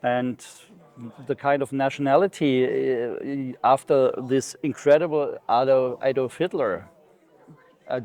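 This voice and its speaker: A man's voice: medium pitch, steady tone, unhurried, darkish tone. A man from Germany with a German accent, hosting an interview in a hesitant, thoughtful way. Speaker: host. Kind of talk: conversational interview.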